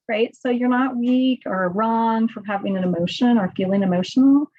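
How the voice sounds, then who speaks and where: A woman giving a relaxed webinar talk on handling emotions, full of "like" and "right?". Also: mid-range voice, no echo, lo-fi sound. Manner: conversational, filler-heavy, says "right?" and "like" often. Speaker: presenter on coping with emotions in research.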